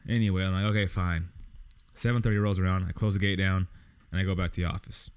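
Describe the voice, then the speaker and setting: Deep-voiced man in a profane rant. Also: fairly even intonation, rapid-fire, clean tone. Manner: profane, exasperated, lots of swearing. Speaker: podcast host. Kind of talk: casual storytelling rant.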